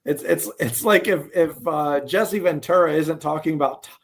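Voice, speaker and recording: A man's voice: a little high, normal speed, creaky. A man co-hosting a podcast, bantering with dry jokes in casual chat. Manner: wry, jokey banter. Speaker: podcast co-host.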